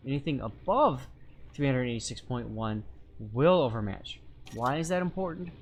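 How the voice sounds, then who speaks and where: A man's voice: mid-range voice, expressive, normal speed, a little hiss or hum. A man streaming a naval game live, reading chat aloud and working through armor math step by step in a casual, talkative way. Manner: chatty, explains step by step, reads chat aloud.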